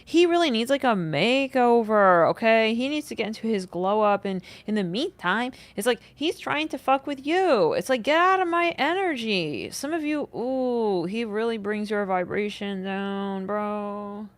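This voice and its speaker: A young woman reads tarot on a casual livestream, her pitch leaping up and down as she rants. She fills her talk with "like", swears freely and breaks into sudden exclamations. The sound is close and dry, with no room around it. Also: unhurried, few pauses, dry recording. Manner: animated, swearing, many likes, sudden outbursts. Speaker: tarot reader.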